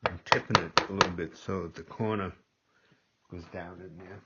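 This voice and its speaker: An older man demonstrating gunsmithing in a workshop, talking slowly and rambling, repeating himself as he works. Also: sits low, steady tone, heavy background noise. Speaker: gunsmithing instructor. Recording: dull lo-fi audio.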